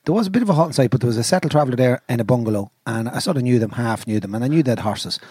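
A middle-aged Irish man telling a rambling, animated, sweary story in a casual chat. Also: medium pitch, very fast, breathy edge, no echo. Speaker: podcast storyteller.

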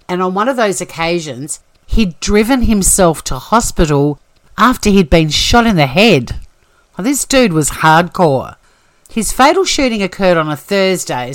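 An Australian woman hosting a true-crime podcast, reading a scripted story in a chatty, wry way. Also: lowish voice. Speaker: podcast host. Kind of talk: scripted narration.

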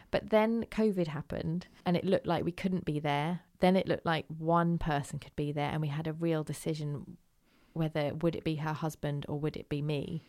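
Woman recounting her story with animation. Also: on the low side. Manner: animated, does voices of others when quoting. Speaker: interview guest. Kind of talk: candid personal storytelling.

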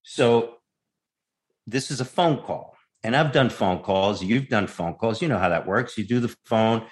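A man's voice: lowish voice, measured pace. A male actor, a guest, telling a casual anecdote and acting out the voices as he goes. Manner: animated storyteller, acts out voices.

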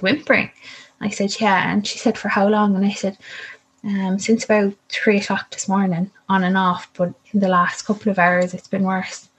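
A woman's voice: medium pitch, breathy edge, poor audio. A young woman telling a personal story in a vivid way, acting out the voices of the people in it.

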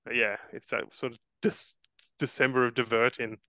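A man's voice: medium pitch, flat delivery, normal speed, bright, forceful tone, no room sound. Earnest stammering man in his forties. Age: 40s. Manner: earnest, repeats words and restarts often, calls the host mate. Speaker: interview guest. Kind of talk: casual interview chat.

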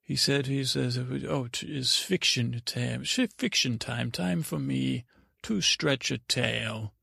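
A man playing a dim, dreamy young prince, telling an improvised comic bedtime story in a meandering, halting way. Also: medium pitch, creaky, bright, forceful tone, husky, no echo, studio quality, exaggerated voice. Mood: dreamy rambling. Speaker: podcast host.

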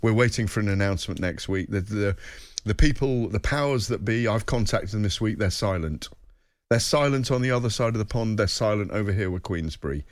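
A man's voice: lowish voice, a little fast, no room sound, clean studio sound. A man arguing as a boxing pundit on a radio panel, exasperated and full of rhetorical questions.

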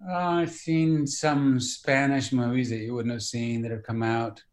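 A man in his sixties, an actor and director, telling stories in a relaxed interview, acting out quoted dialogue. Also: mid-range voice, measured pace. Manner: storytelling, acts out quoted dialogue, mild profanity. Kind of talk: relaxed anecdotal interview talk.

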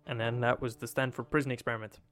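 A man's voice: medium pitch, little pitch movement, fast, fairly bright tone, soft background music. A man with an Irish accent retelling a story in a casual, profane, repetitive, conversational way.

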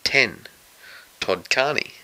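A man's voice: mid-range voice, lively intonation, takes it slowly, sharp tone, rough recording. A man co-hosting a casual sports podcast with dry, wisecracking humour. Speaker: podcast co-host.

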